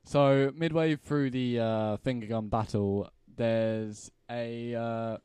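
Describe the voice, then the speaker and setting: A man appearing as a podcast guest, talking casually in a halting way with dry humour. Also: medium pitch, steady tone, mellow, smooth, no room sound. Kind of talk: casual chat.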